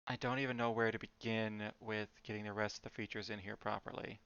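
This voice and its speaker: A man's voice: on the low side, flat delivery, fairly quick, a bit bright, clear, resonant tone, dry recording, highs cut off. A man streaming as he draws, chatting casually with lots of fillers and muttered asides. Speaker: streamer drawing live. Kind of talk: casual rambling stream chat.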